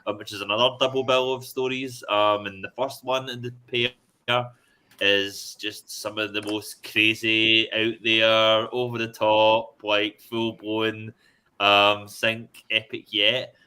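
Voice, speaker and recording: A man talking as a guest in a casual chat over a video call, relaxed and full of ums. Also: lowish voice, slow pace, clean tone. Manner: relaxed, plain, with many ums. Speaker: guest comics writer.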